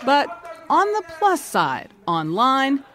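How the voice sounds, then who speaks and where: A woman correspondent narrating a news feature in a measured, polished reporter delivery. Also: high-pitched, wildly swooping pitch, bright, forceful tone.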